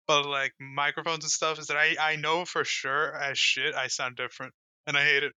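A man co-hosting a casual gaming podcast, lively and quick to laugh. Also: a little high, clear, resonant tone, no echo. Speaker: podcast co-host. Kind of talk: casual chat.

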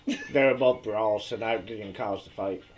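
A man's voice: lowish voice, measured pace, rough recording. A man co-hosting a podcast in casual chat, rambling and repeating himself. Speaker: podcast co-host.

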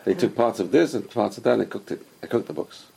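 Fast gravelly rabbi teaching a class. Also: male voice, on the low side, dark tone. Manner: explains patiently with many examples and questions.

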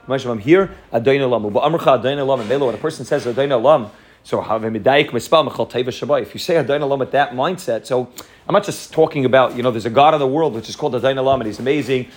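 Rapid-fire man giving a Torah class. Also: medium pitch. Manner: rapid, repetitive, mixes Hebrew and Yiddish terms into English. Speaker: rabbi teaching a class. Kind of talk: fast Torah lecture.

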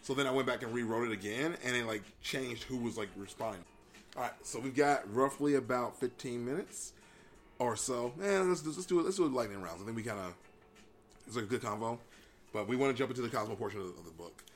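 A young man hosting a casual podcast chat, talking in a relaxed, hesitant way with many restarts. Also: medium pitch, fast. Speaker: podcast host.

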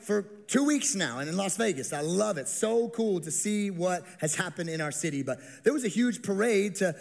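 A young adult male pastor preaching a sermon, an animated storyteller who acts out the people in the story with humor. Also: sits high, long reverb tail. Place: church stage with long reverb.

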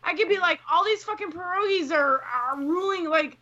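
A woman co-hosting a casual chat, loud, excitable and quick to swear and laugh. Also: very high-pitched, lo-fi sound. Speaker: podcast co-host.

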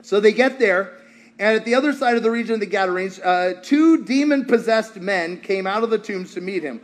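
A man preaching a sermon to a congregation, telling stories with animated, acted-out quotes. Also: sits high, brisk. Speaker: pastor.

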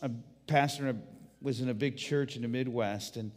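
A man's voice: mid-range voice, steady tone, a little fast, long reverb tail. A man preaching a sermon as a guest pastor, telling stories animatedly with frequent restarts.

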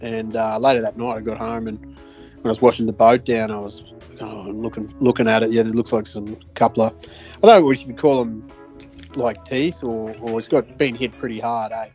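Speaking briskly in a lowish, darkish voice with a steady tone, an Australian podcast co-host recounts a fishing trip in casual chat. He rambles, swears and piles on fillers and restarts, with faint music in the background.

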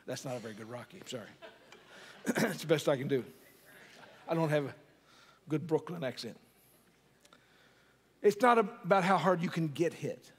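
Middle-aged guy preaching, chatty and jokey, fairly high voice, hall echo trailing off. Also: expressive, normal speed, pauses often, breathy edge. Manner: conversational, joking, asks the audience questions. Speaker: pastor. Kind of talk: sermon. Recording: long hall reverb.

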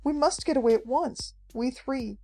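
A woman's voice: sits high, moderate pace, faint music behind, voice pushed up. A woman voicing a frightened brave young woman. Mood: urgent. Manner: hushed, urgent.

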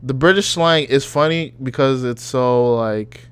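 A man's voice: medium pitch, a little slow, fairly bright tone, clean tone, no echo. A man co-hosting a casual podcast chat, loose and profane, joking and reacting with disbelief. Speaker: podcast co-host.

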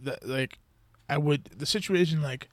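A man's voice: fairly high pitch, normal speed, dry recording. A man hosting a podcast in a crude, rambling casual chat, laughing often. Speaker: podcast host.

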